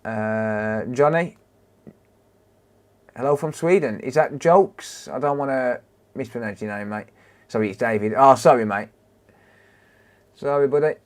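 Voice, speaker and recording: A man's voice: lowish voice, measured pace, pauses often. A man with a British accent chatting casually on a repair livestream, greeting and thanking viewers by name as he works. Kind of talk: casual live stream chat.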